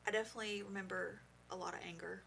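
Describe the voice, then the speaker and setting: Gravelly-voiced woman telling a painful story. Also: medium pitch, steady tone, fairly bright tone, a little hiss or hum. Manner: halting, heartfelt, full of "you know" fillers. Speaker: podcast guest. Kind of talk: emotional personal testimony.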